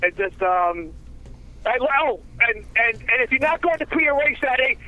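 A man's voice: very high voice, lively intonation, normal speed, muffled recording. A man from northern New Jersey calling in, rambling and tripping over his words. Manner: rambling, stumbling, repeats words. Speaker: caller. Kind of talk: phone-in greeting and plug.

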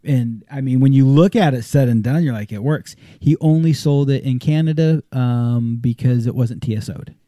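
A man's voice: medium pitch, normal speed, hardly any pauses, no room sound, clean studio sound. A man in casual podcast chat, talking animatedly and swearing freely. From not from Texas, lives in Texas. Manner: animated, swears, slips into a put-on drawl when excited.

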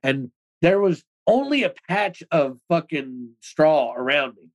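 A man talks as a guest on a podcast, recounting his past in a casual, rambling way. His speech runs quick and loose, padded with "like" and salted with swearing. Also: on the high side, big pitch swings, rough recording. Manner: rapid, loose talk full of "like" and swearing. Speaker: interview guest, former extremist. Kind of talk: casual storytelling in a podcast interview.

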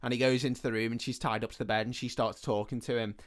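A man's voice: medium pitch, little pitch movement, fast. A man, a podcast host casually retelling a film's plot and acting out the characters' lines. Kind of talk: casual film recap chat.

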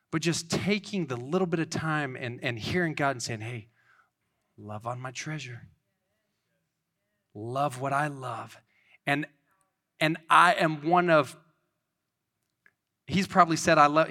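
A man in his thirties preaches in a loose, conversational way. His voice is bright and clear, and his delivery is earnest and rambling, full of restarts. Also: medium pitch. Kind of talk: informal sermon.

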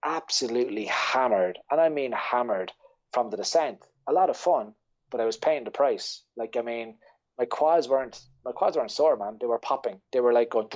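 A man's voice: mid-range voice, a little mellow, highs cut off. A man with an Irish accent, a podcast guest telling a rambling story in casual chat, swearing freely and laughing as he goes. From Ireland. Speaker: podcast guest, ultra-runner.

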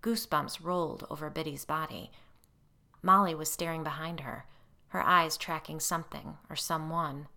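Woman, story narration, gravelly, bright, lower pitch, measured. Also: fairly even intonation.

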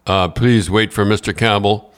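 A man's voice: on the low side, steady tone, moderate pace, smooth. An older man with a Canadian accent, telling rambling hockey stories in casual chat, with restarts and chuckles. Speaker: podcast host and former hockey coach.

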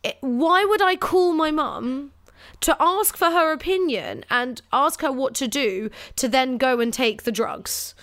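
A young woman telling stories in casual chat, animated and acting out quotes. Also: sits high, measured pace. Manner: animated storyteller, acts out quotes.

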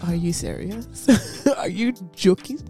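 A woman's voice: mid-range voice, lively intonation, a little slow, warm tone, soft background music. A woman co-hosting a podcast, telling a story in casual chat and laughing often. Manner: giggly, chatty storytelling with frequent laughter. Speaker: podcast co-host.

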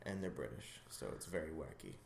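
A man co-hosting a podcast in casual chat, easygoing and a little rambling, his voice dropping softly at the ends of his sentences. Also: a bass voice, animated, fast, gravelly. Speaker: podcast co-host.

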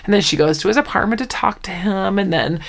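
A woman in easy conversation on a podcast, talking at a middling pitch. She retells favorite scenes with animated energy and slips into the characters' lines as she goes. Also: quick pace, vocal fry. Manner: chatty, animated retelling with acted-out quotes. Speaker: podcast co-host. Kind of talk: casual chat recapping a sitcom.

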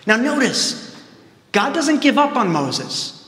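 A man, a seminarian, preaching a sermon in a relaxed, conversational way with casual asides. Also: extremely high pitch, slow. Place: church sanctuary. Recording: roomy church echo with long reverb.

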